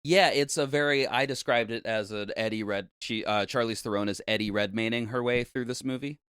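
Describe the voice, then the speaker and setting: A man's voice: mid-range voice, a little fast, a bit bright, clear, resonant tone, no echo, studio quality. A man co-hosting a casual movie review podcast, joking around and laughing often. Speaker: podcast co-host.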